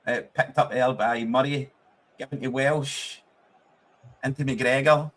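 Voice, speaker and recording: A man's voice: mid-range voice, steady tone, slow, pauses often, a bit bright. A young Scottish man hosting a football watchalong stream, chatting casually with viewers, swearing freely and laughing often. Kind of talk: casual live-stream commentary and chat.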